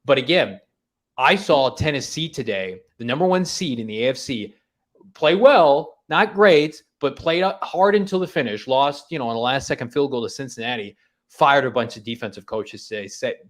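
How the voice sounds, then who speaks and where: A man's voice: mid-range voice, lively intonation, moderate pace. Man talking sports odds. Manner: analytical, talks through betting odds with restarts. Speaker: sports show co-host. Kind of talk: casual sports talk.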